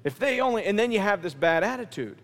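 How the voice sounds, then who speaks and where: A man preaching a sermon as pastor, animated and acting out the voices of people in his stories. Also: high-pitched, quick pace, long reverb tail.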